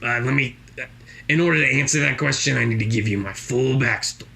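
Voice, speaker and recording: A man's voice: medium pitch, fast talker, vocal fry, crowd noise, natural voice. A man playing a boastful, rambling jobless guy with a put-on accent, spinning tall tales in an improvised comedy interview.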